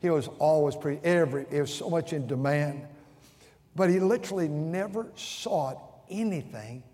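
A man's voice: a little high, darkish tone. A man pastor preaching a sermon, telling stories and acting out what people said, often restarting and repeating words. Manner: storytelling with vivid acted-out quotes. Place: church sanctuary. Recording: long church hall reverb.

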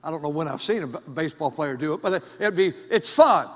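A man preaching a sermon as pastor, swinging from loud declarations to hushed asides. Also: fairly high pitch, animated, fast talker, in a large hall. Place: church sanctuary.

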